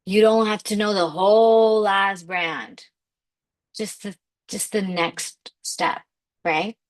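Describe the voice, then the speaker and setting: A woman's voice: mid-range voice, steady tone, slow. A woman coaching listeners through a motivational spiritual talk, emphatic and conversational, often saying "like". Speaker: manifestation coach.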